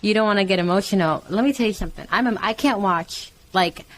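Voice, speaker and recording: A woman hosting a casual faith podcast interview, effusive and quick to agree and laugh. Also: mid-range voice, a little hiss or hum, poor audio. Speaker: podcast host.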